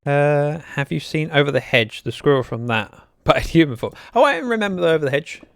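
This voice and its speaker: Young man, game streamer, casual joking chat, slightly high voice, very lively pitch. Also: brisk, vocal fry, no room sound. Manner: chatty, joking, reads out chat messages. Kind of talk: casual livestream chat while playing.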